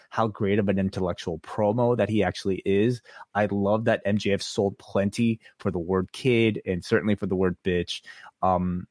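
A man's voice: lowish voice, no room sound, clean studio sound. A man co-hosting a wrestling review podcast, talking in casual chat, eager with his opinions and full of fillers and restarts.

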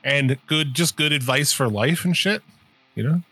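A man's voice: a little high, moderate pace, pushed and bright, slightly rough, faint music behind. A man co-hosting a podcast, chatting loosely with lots of swearing, rambling and trailing off mid-thought. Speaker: podcast co-host. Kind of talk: casual profane chat.

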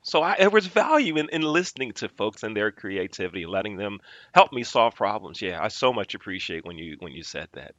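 Bright-voiced male podcast host. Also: on the low side, very animated, a little fast, no room sound, lo-fi sound. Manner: storytelling, repeats words when starting phrases. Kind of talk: conversational interview.

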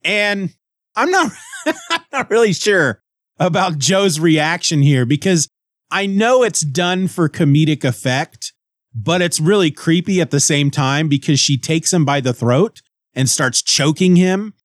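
A man casually recaps and reviews a comic book, animated and chuckling as he goes. His voice sits a little high, recorded close and dry with no room sound. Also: unhurried, no echo. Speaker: comic book podcast host.

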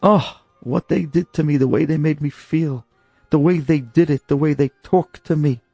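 A man voicing a hurt, stubborn young bride in a story, speaking quietly and resentfully. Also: a little high, normal speed, vocal fry, slightly rough, no echo, faint music behind. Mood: bitter.

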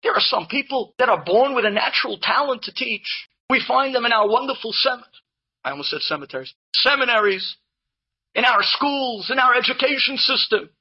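Storyteller, male, husky midrange voice, animated, muffled lo-fi recording. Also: extremely high pitch, normal speed. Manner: animated storyteller, mixes in Hebrew and Yiddish terms. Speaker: Torah speaker telling inspirational stories. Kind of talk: storytelling talk to a live audience.

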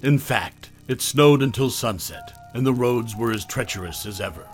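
A man narrating a first-person horror story in a hushed, measured way. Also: medium pitch, lively intonation, faint music behind.

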